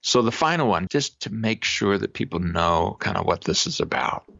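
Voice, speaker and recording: A man, a psychologist guest on a podcast interview, explaining exercises in an animated way and demonstrating them aloud. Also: on the low side, moderate pace, creaky. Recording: dull lo-fi remote audio.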